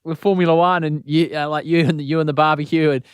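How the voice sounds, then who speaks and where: Aussie host guy, kinda high voice, laughing along, dry close mic. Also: steady tone, quick pace, clean tone, dry recording. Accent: Australian. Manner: chatty, laughs easily. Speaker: podcast host. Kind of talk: casual interview chat.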